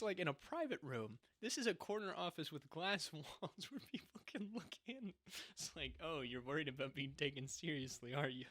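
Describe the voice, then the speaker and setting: This young podcast co-host has a high-pitched, slightly bright voice. He chats casually and sarcastically, frequently breaking into laughter while ridiculing the things he talks about.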